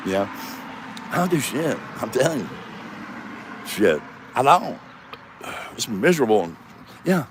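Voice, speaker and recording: A man's voice: mid-range voice, big pitch swings, takes it slowly, long pauses. A man in his fifties rambling and swearing in a self-mocking solo vlog, recorded outdoors in a front yard. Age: 50s. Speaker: comedian vlogger. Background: passing traffic.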